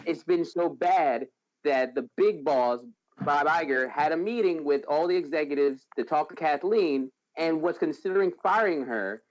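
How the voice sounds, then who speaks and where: A man's voice: on the high side, normal speed. Casual man giving news updates, lo-fi. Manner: informal, loose phrasing. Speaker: podcast co-host reading news. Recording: dull lo-fi audio.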